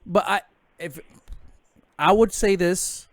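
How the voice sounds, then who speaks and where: Young guy hosting a sports call-in, jokey and chatty, kinda high voice, dry sound. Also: steady tone, slow pace, no echo. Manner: joking, laughs often, chatty. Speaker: host. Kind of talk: casual sports call-in show.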